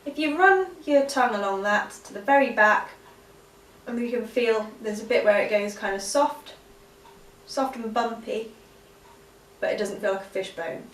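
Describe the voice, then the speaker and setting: A woman teaching vocal exercises in a relaxed, chatty way, with frequent ums. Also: a little high, moderate pace. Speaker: singing teacher. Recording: echoey room, voice a bit far from mic.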